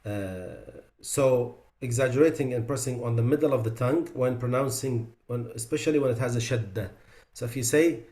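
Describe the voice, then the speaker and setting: A man's voice: medium pitch, mellow. Guy teaching quran recitation, stretches out the example sounds, chatty and casual in between. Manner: explanatory, demonstrates pronunciations slowly and repeats them; loose, conversational asides with fillers. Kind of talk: online class lecture.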